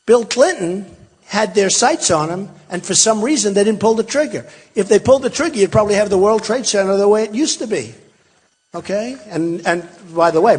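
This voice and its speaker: A man's voice: a little high, breathy edge. A man in his sixties, a political candidate giving a rambling, emphatic campaign rally speech with many repetitions and asides to the crowd. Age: 60s. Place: large hall. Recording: long hall reverb.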